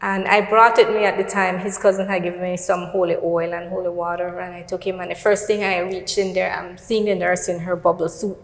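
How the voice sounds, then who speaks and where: A woman's voice: fairly low pitch, little pitch movement, brisk, hardly any pauses. Earnest Belizean woman in a roomy hall. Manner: earnest, storytelling with quoted dialogue. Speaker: guest. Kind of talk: personal testimony in a faith talk show.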